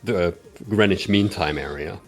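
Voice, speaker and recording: A man with a very deep, low voice chats casually as a guest on a gaming stream. He speaks hesitantly and modestly, stammering and restarting his sentences. Faint music sits underneath. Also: unhurried. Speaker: racer and guest. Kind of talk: casual chat.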